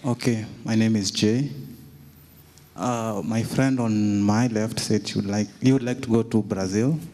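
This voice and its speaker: A man's voice: lowish voice, steady tone, measured pace, mellow. A man from the congregation reporting his neighbors' answers in a plain, matter-of-fact way. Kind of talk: casual spoken answer. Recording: reverberant church hall.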